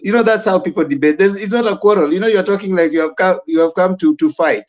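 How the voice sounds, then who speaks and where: A man hosting a debate, calmly lecturing a caller on how to debate and smoothing things over. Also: sits high, fast, few pauses. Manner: calm, lecturing, conciliatory. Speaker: host. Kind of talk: moderating a debate. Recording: dull lo-fi sound.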